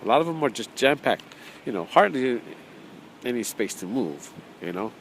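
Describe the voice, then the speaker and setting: A man's voice: medium pitch, very animated, normal speed, a little hiss or hum, poor audio. A man teaching an informal spoken course, talking conversationally, repeating phrases and chuckling often, sometimes reading from his own book. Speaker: spiritual teacher.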